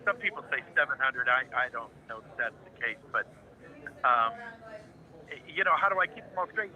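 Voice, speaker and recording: Over phone-quality audio, a man in his 70s from Ohio speaks at medium pitch and normal speed. He's a voice actor and guest in a casual interview, animatedly spinning jokey anecdotes.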